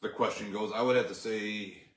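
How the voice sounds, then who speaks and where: A man's voice: on the low side, steady tone, moderate pace, a bit bright. A man co-hosting a casual talk show, rambling through his thoughts with plenty of fillers. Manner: rambling, lots of fillers like "like" and "you know". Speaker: co-host. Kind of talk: casual chat. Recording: echoey room.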